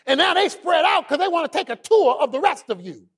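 High-pitched, emphatic preaching man. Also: very animated, a little fast. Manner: emphatic preaching, swings between shouts and low murmurs; calls on the congregation to repeat after him. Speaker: pastor. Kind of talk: sermon.

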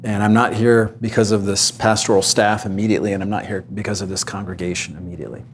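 A pastor candidly telling a personal story of hardship on a panel. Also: male voice, lowish voice, steady tone, fast, slight background noise.

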